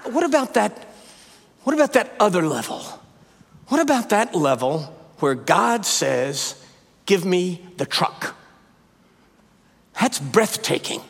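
Older preacher with a high, ringing voice. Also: male voice, creaky, breathy edge. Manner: animated, rising to high emphatic peaks. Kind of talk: sermon with storytelling. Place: church sanctuary. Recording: live sermon with long reverb.

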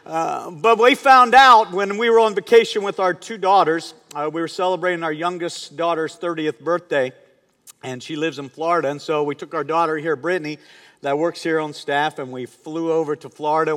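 A man in his fifties with a high voice preaches in a conversational, storytelling way. He often turns to the congregation with questions. His voice carries a long reverb from a large hall. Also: steady tone, fairly quick, a bit bright. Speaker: pastor. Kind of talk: sermon.

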